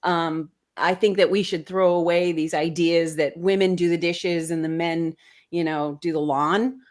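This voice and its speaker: A woman calling in as a guest, talking in a gushing, warm way with many hesitations and ums. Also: lowish voice, steady tone, measured pace. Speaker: call-in guest. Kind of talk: casual chat.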